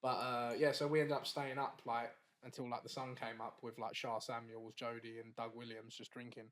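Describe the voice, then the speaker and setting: A man's voice: medium pitch, flat delivery, moderate pace, a bit bright. A man, a wrestler guest on a podcast, telling a story in casual chat. He laughs often and acts out the quoted dialogue.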